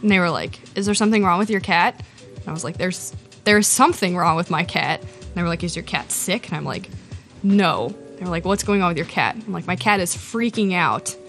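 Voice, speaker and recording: A woman's voice: lowish voice, a little fast, fairly bright tone, soft background music. A woman co-hosting a casual podcast chat, telling a story animatedly and acting out the dialogue. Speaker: podcast co-host.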